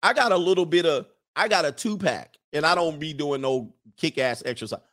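A man's voice: on the high side, animated, brisk, a bit bright. A man hosting a casual livestream, reading viewer comments and rambling through blunt opinions with frequent laughs.

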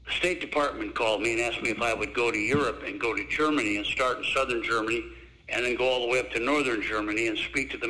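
Older man, former basketball coach, bright forceful voice, animated storyteller. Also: medium pitch, low-quality recording. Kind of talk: storytelling interview.

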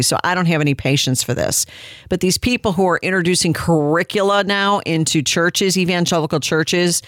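A woman hosting a talk radio show, delivering sharp, sarcastic commentary. Her voice sits fairly low, and it sounds dry and close, with no room echo. She presses her points with scorn. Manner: combative and sarcastic. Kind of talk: opinionated commentary.

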